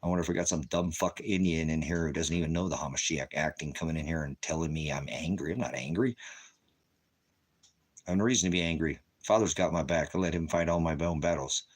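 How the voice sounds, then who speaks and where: A middle-aged man with a very deep, low voice hosts a ministry livestream and answers his chat. He swears freely and taunts his critics in a combative way. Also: steady tone, quick pace, hardly any pauses. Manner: profane, combative, taunting, with bursts of laughter. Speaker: ministry host.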